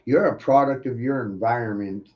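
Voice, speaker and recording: A man's voice: mid-range voice, normal speed, dull audio. A man ranting in an intense, profane monologue full of rhetorical questions.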